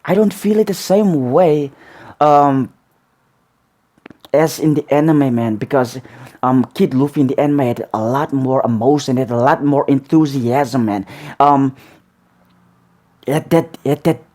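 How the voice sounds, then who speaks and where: A man's voice: mid-range voice, unhurried, pauses often. A man hosting a reaction video who reviews in casual, rambling talk, ending nearly every phrase with "man" and filling gaps with "um". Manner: says "man" after almost every phrase, many "um"s and restarts; excited and emphatic when praising, flatter and quieter when criticizing.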